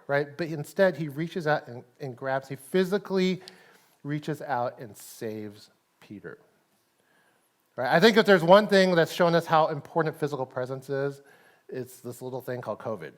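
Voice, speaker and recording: Chatty Texan pastor, fairly high voice. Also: male voice. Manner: chatty, laughs often, says "right?" a lot. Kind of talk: casual conversational sermon. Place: church service.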